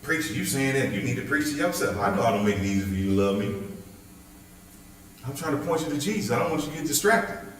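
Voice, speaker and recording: Talking fast at a medium pitch, a man pastors a Bible study in a church hall, preaching in a relaxed, conversational way while joking and teasing his audience with lively energy. A distant, off-mic recording in a very echoey hall carries slight background noise.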